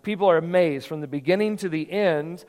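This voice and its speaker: A man's voice: on the high side, a little fast, darkish tone. A man preaching a sermon as pastor in a church, conversational and given to repeating words as he thinks. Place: church sanctuary. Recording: long hall reverb.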